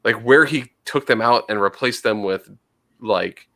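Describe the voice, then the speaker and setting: A man with a bright, forceful voice co-hosts a casual podcast chat. He talks in an animated way, swears freely, and often trails off and restarts. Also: on the low side, measured pace. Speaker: podcast co-host.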